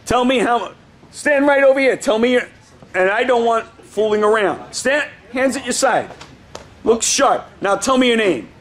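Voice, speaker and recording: A male karate instructor coaching children in class, playful and teasing, bursting into excited shouts, in an indoor studio. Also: very high voice, moderate pace.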